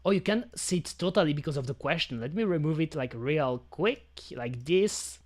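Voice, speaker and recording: A woman's voice: low voice, lively intonation, normal speed, no echo. A woman streaming from home into a studio microphone, chatting casually with slightly non-native phrasing. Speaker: VTuber streamer. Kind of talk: casual chat.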